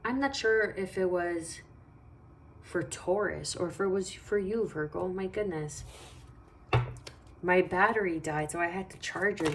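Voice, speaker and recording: Low-pitched female tarot reader, meandering and reassuring, faint hiss under the voice. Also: unhurried. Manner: meandering, reassuring, thinks aloud. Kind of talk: casual tarot reading.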